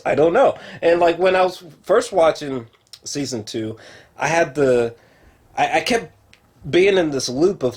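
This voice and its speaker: In an unhurried, breathy, slightly high voice, a man reviews a TV show to a camera in his home. The film and TV reviewer is excitable and rambling, with frequent fillers and swearing.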